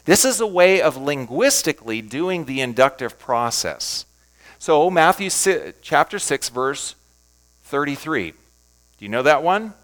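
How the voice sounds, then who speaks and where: Man, pastor, teaching talk, emphatic, rhetorical questions, higher voice, very animated pitch. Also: measured pace. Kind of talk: teaching talk on Bible reading.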